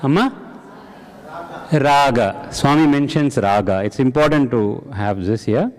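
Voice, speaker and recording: A man's voice: mid-range voice, measured pace, darkish tone. Man leading a spiritual class in a hall. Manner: questioning and encouraging the audience. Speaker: satsang discussion leader. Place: large hall with an audience. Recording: reverberant hall.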